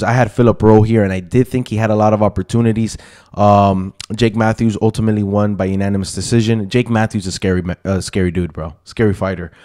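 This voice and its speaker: A man's voice: lowish voice, dark tone. A man giving a casual, opinionated breakdown of fight results, chatty with frequent ums and asides. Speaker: MMA YouTuber.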